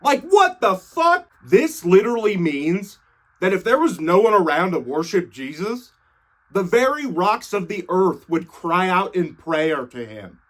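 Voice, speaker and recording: A man's voice: high voice, big pitch swings, unhurried. A young man irreverently retelling scripture as comedy, slangy and swearing casually. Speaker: comedic storyteller.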